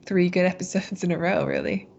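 A woman's voice: lowish voice, sing-song, a little fast, gravelly, a little mellow, lo-fi sound. A woman co-hosting a podcast in easygoing casual chat, laughing often. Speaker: podcast co-host.

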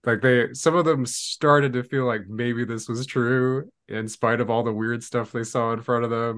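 A man's voice: medium pitch, fairly even intonation, normal speed, hardly any pauses, a bit bright. A man hosting a casual movie podcast, rambling with many fillers and acting out lines. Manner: rambling, full of fillers and acted-out quotes. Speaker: podcast host.

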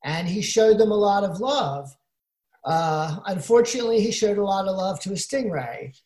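A woman's voice: medium pitch, lively intonation, moderate pace, a little mellow. Rambling woman co-host in a roomy echo. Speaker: podcast co-host. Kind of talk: casual chat.

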